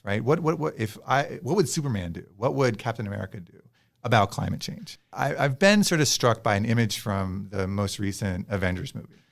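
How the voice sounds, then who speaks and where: A man, a professor and guest, talking conversationally in an interview with many fillers and restarts. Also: on the low side.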